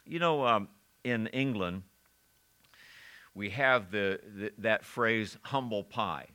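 A man's voice: on the low side, slow, pushed and bright. A man preaching a sermon, reading scripture aloud, asking his listeners questions and chuckling now and then. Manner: asks the congregation questions and reads scripture aloud; chuckles often while preaching.

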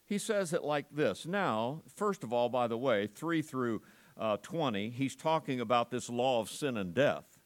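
A man's voice: mid-range voice, expressive, unhurried. A man preaching a sermon, reading scripture aloud and explaining it in an earnest, conversational way.

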